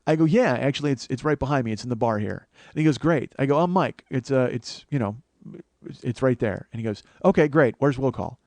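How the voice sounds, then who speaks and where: A man in his 40s, a comedian who hosts a podcast, tells an exasperated, expletive-laden comic story in an animated, casual monologue. His medium-pitched voice is fairly quick, and the recording is dry.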